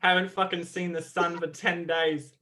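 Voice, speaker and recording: A man's voice: sits high, level tone, normal speed, pushed and bright. A man putting on a foul-mouthed Australian bloke with an Australian accent, swearing and laughing through a tall tale. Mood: rowdy. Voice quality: coarse, swears nonstop, laughing.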